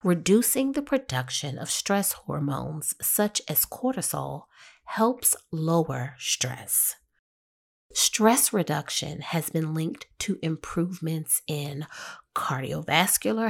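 A woman hosting a solo podcast, talking through her topic in a measured, explanatory way with a husky voice. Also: deep voice, expressive. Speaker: podcast host.

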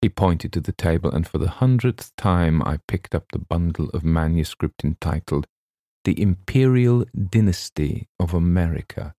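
Deep gravelly male audiobook narrator. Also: lively intonation, normal speed, dark tone, no room sound, clean studio sound.

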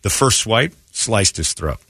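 Morning radio host, male, low-ish voice, blunt storyteller, dry booth. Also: a little slow, gravelly, slightly rough, no room sound. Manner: blunt, storytelling, animated retelling. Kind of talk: casual talk radio banter. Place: radio studio. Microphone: studio mic. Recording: dry close studio sound.

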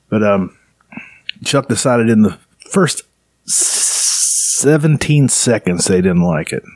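A man talks casually as a podcast host, wandering through his thoughts with plenty of fillers and a sarcastic edge. His voice sits low. The sound is dry and close. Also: a little mellow, dry recording. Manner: rambling, sarcastic, lots of fillers. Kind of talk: casual chat.

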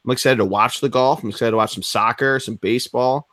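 A man's voice: medium pitch, fairly even intonation, quick pace, a bit bright, no echo, clean studio sound. A young man co-hosting a sports podcast, chatting casually and rambling, with loose swearing. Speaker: podcast co-host.

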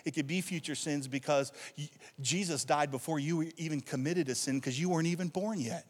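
A male pastor preaching a sermon to his congregation, calling out for responses and building excitement. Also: a little high, fairly quick, husky. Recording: long hall reverb.

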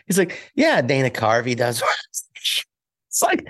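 A comedian telling a quick anecdote in casual chat, jumping into loud impressions. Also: male voice, mid-range voice. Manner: animated, jumps into loud impressions. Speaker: comedian guest.

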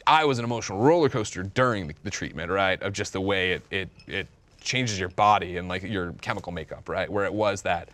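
A man's voice: low-pitched, fairly quick, fairly bright tone. A man in his thirties talking candidly and rambling in a casual podcast conversation, full of restarts. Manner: rambling, candid, self-deprecating with many restarts. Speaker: podcast guest.

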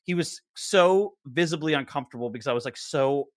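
A man's voice: a little high, a little fast, no echo, clean studio sound. A young adult man telling stories as a podcast guest in casual chat, rambling with many fillers and restarts. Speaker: podcast guest, show co-creator.

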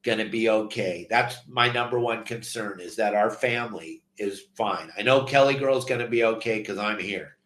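A man's voice: fairly low pitch, moderate pace, hardly any pauses, fairly bright tone, echoey room. An older man hosting a fishing show, talking earnestly and from the heart in casual chat.

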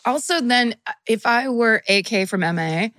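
A woman's voice: fairly high pitch, lively intonation, moderate pace, fairly bright tone, no echo. A woman co-hosts a podcast, reading a listener's story aloud in a chatty, playful way. She breaks into laughter often. The mic is close and dry, with no room sound. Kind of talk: casual chat, reading a listener letter aloud.

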